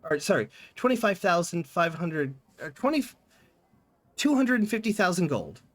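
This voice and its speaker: A man's voice: high-pitched, normal speed, dry recording. A man streaming a text game, reading its dialogue aloud and chatting about it. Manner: lively, reads in-game dialogue with small voice changes.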